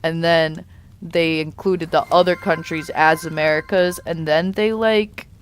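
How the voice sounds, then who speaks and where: A woman's voice: low-pitched, fairly even intonation, unhurried, slight background noise. A young adult woman on a live stream, chatting casually to her viewers and talking in loose, rambling sentences full of fillers and restarts. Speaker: live streamer reading chat.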